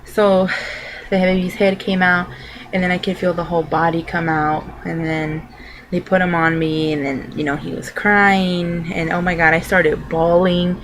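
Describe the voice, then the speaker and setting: A woman's voice: lowish voice, little pitch movement, moderate pace, slight background noise, poor audio. A young adult woman vlogging, telling a personal story to camera in a loose, rambling way full of filler words.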